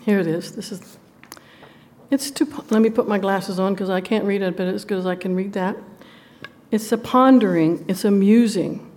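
A woman with a Southern US accent teaching a women's Bible study, folksy and playful, reading scripture slowly. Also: mid-range voice, a little mellow. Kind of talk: Bible teaching to a live group.

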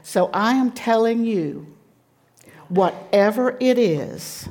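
Laughing, animated woman preaching testimony. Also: a little high. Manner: animated storytelling with frequent laughter. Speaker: guest speaker at a church conference. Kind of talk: personal testimony sermon.

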